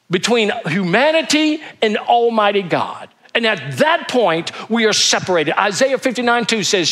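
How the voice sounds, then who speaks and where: A man's voice: high voice, a bit bright. A male pastor preaching a sermon, emphatic, asking rhetorical questions and reading scripture aloud.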